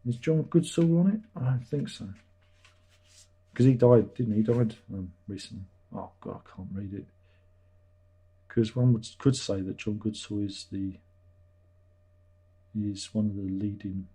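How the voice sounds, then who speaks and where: A man's voice: mid-range voice, warm tone, slightly rough. A man hosting a casual livestream chat, rambling and self-deprecating. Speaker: livestream host.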